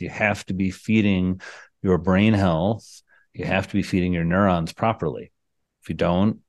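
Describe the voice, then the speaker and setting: Male psychiatrist guest, very deep voice, thoughtful and sincere, dry close sound. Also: darkish tone, no room sound. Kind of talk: podcast conversation.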